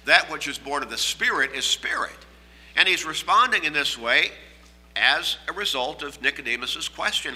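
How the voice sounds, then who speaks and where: Guy preaching a sermon, bright clear voice a bit high, measured teaching, echo from a big hall. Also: big pitch swings. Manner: measured teaching, reads scripture aloud with emphasis.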